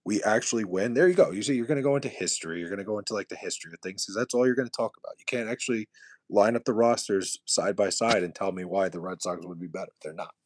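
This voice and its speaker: A man's voice: lowish voice, quick pace, no room sound, studio quality. A young man from New City, streaming live and trash-talking viewers in profane, mocking chat. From New York City.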